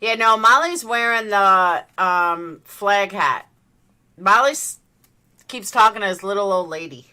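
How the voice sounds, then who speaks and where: Bright-voiced chatty woman streamer. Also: mid-range voice, measured pace. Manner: chatty, rambling, reacting to a live feed. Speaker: livestream host. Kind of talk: casual live commentary.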